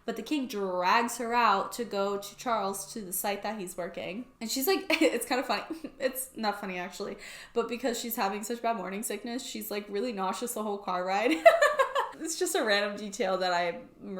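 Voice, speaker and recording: A woman's voice: medium pitch, brisk, fairly bright tone, echoey room. A young woman recapping a book plot in a casual, sarcastic way, using "like" constantly. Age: young adult. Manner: chatty and sarcastic, heavy use of "like". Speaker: book YouTuber.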